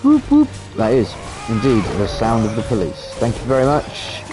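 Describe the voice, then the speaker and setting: A man's voice: medium pitch, moderate pace, over music. A British man chatting casually and swearing freely as he streams a game. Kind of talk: casual live gameplay commentary.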